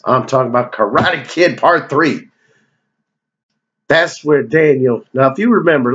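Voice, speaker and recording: A man talks through his favorite movies in a loose, rambling vlog, swearing and joking as he wanders off topic. His voice sits in an ordinary middle pitch. The home recording sounds a little dull and muffled. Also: measured pace, a bit bright. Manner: digressive, profane, joking. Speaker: movie review vlogger. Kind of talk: casual rambling movie rundown.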